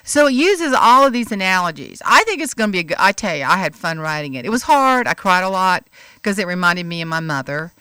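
A woman talks about her book with an animated storyteller's energy. Her voice is bright and swoops up and down a lot. The sound is dry and close. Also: fairly low pitch, a little fast, clean tone, dry recording. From American South. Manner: animated storyteller, bursts of laughter. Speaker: author guest. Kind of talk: interview chat.

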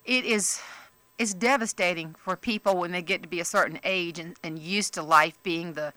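Bright-voiced chatty woman comedian. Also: normal speed, no echo. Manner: animated storyteller, jumps into high voices for quoted people. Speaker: comedian and author, interview guest. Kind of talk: casual interview chat.

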